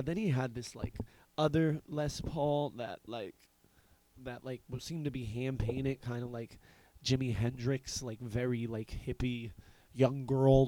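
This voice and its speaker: A man's voice: medium pitch, darkish tone, slight background noise. A man in his thirties hosting a podcast, telling a rambling, profane story in casual chat. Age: 30s. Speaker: podcast host.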